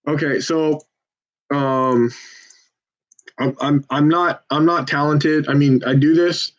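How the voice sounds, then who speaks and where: A man's voice: a little high, steady tone, slow, muffled recording. A man volunteering at a phone bank, chatting casually to viewers between calls in a rambling, profane, self-deprecating pep talk.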